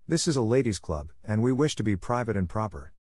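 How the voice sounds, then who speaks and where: A prim young girl, voiced by a low-voiced man insists on propriety with affected elegance. It is a dry, close storybook reading. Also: sing-song, fairly quick, darkish tone, dry recording.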